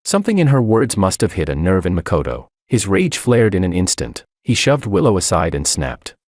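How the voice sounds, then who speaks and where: A man's voice: low voice, huge pitch swings, normal speed, a little mellow, dry recording, studio quality. A man narrating a first-person story in a cold, mocking, unmoved manner.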